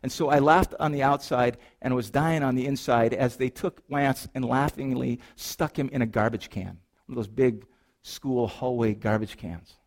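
A man's voice: mid-range voice, normal speed. Man preaching a storytelling sermon. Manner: storytelling, shifts from animated to hushed and earnest. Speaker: pastor. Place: church sanctuary.

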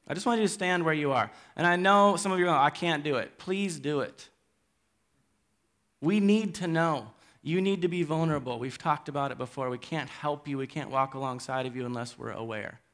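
A man preaching a sermon to his church, speaking in an earnest, halting way and pleading gently with his listeners. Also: fairly high pitch. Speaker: pastor. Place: church hall.

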